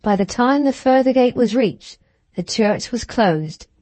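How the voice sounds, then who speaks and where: A woman narrating an audiobook of a classic novel in a measured, even reading. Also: on the high side, no room sound. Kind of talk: scripted narration.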